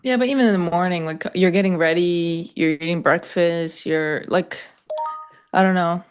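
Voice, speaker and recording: A woman's voice: fairly low pitch, moderate pace, clean tone. A woman co-hosting a live trading show, chatting casually with dry sarcastic asides. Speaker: co-host.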